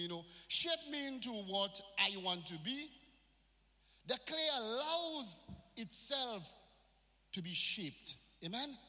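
A man's voice: high-pitched, pushed and bright. A male pastor preaching a sermon in a church, with call-and-response and phrases mixed in. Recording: reverberant church hall.

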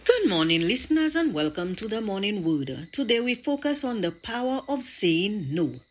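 Woman devotional presenter, scripted, lively and expressive reading. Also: medium pitch, moderate pace. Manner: expressive storytelling.

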